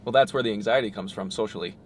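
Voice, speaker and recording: A man hosting a relaxed, casual conversation, easygoing and casual with his swearing. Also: fairly low pitch, very fast, noisy background. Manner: laid-back, swears casually, acts out little scenes. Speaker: host.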